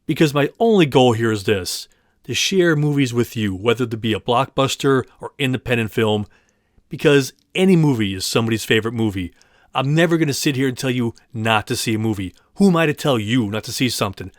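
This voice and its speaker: A man's voice: mid-range voice, dry recording, studio quality. Rambling, self-deprecating podcast host, a man. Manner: rambling and self-deprecating, with restarts and stumbling over place names. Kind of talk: casual monologue thanking listeners.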